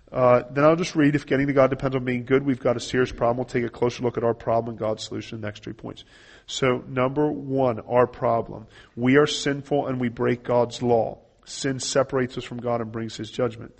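Earnest man explaining a gospel tract. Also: mid-range voice. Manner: earnest, reads scripture aloud and explains step by step. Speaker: evangelism trainer. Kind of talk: instructional talk walking through a gospel tract.

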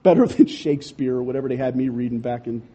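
Impassioned husky-voiced male preacher. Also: mid-range voice, fast talker. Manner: impassioned, swings from loud urging to quiet emphasis. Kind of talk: sermon.

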